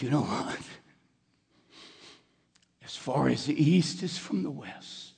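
A man preaching a sermon, telling stories dramatically and swinging from near whispers to shouts. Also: on the high side, very animated, unhurried, gravelly, long pauses, breathy edge, big-room sound.

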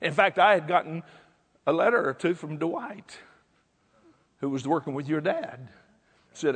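A man's voice: fairly high pitch, lively intonation, unhurried, long pauses, a bit bright, breathy edge, big-room sound. An older male pastor preaching a sermon emphatically, with repetition.

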